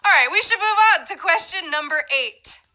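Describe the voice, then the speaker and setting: A woman's voice: very high-pitched, animated, normal speed, very noisy. A woman hosting a live trivia game show, chatty and playful, with asides to the players.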